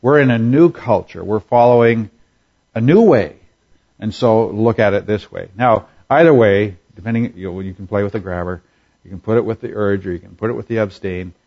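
Male Bible teacher, sermon delivery, measured and explanatory, slightly low voice, dull recording. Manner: measured, explanatory, with frequent fillers and restarts.

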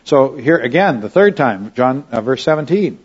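A man's voice: mid-range voice, expressive, moderate pace, slightly rough, dull audio. A man teaching a Bible study lesson in a conversational way, often checking in with his listeners.

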